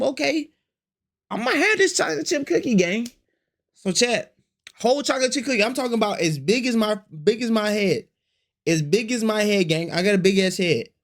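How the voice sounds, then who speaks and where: A man spinning a storytime for his chat with a swooping, animated voice. He talks in loose slang, swears freely and doubles back on his own phrases while acting out each quote. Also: high voice. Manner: slangy, profane, repeats phrases, acts out quotes. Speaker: storytime vlogger.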